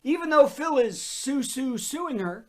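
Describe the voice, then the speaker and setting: Lively self-mocking comedy host, man. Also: very high-pitched, measured pace, crowd noise. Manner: self-deprecating, laughs at own jokes. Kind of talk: stand-up jokes on a video call.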